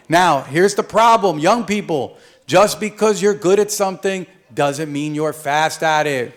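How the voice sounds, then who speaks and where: A man's voice: fairly high pitch, moderate pace, fairly bright tone. A man from a Caribbean island, an author reading his picture book aloud at a live event, playful and joking with slang.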